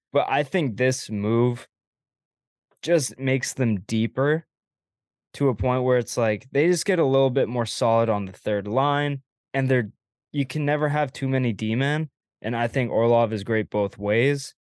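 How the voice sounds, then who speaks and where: A young man hosting a casual sports chat, giving relaxed, opinionated takes with loose swearing. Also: fairly low pitch, no room sound, studio quality. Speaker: podcast host.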